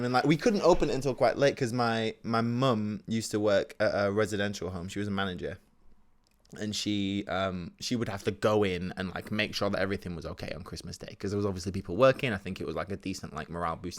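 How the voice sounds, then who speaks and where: A young man tells a casual, rambling anecdote on his solo show. His voice sits fairly low. He jokes and swings between loud bursts and near-mumbles. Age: 20s. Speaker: podcast host.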